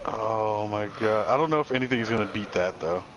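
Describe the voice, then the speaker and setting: A man playing a co-op game with a friend, relaxed and planning moves, retelling mishaps with amused disbelief. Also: on the low side, brisk, muffled recording, a little hiss or hum. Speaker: co-op player. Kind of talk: casual co-op gameplay chat.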